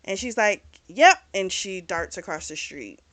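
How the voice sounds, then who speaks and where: A woman's voice: on the low side, animated, normal speed, fairly bright tone. Chatty woman casually recapping a novel. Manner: chatty and informal, retells scenes by briefly acting out the characters' lines; mild swearing, frequent fillers. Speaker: book club host reviewing a novel.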